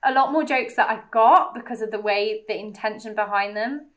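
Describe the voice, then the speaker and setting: A woman's voice: medium pitch, moderate pace. A young British woman co-hosting a podcast, rambling casually with many "um"s and "yeah"s. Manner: relaxed and rambling, frequent "um" and "yeah". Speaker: podcast co-host. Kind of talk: casual chat.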